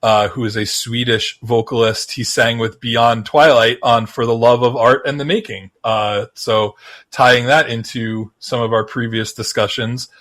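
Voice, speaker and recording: A man co-hosting a music podcast in casual chat, talking in a rambling, halting but enthusiastic way. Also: mid-range voice, fairly even intonation, a bit bright. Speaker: podcast co-host.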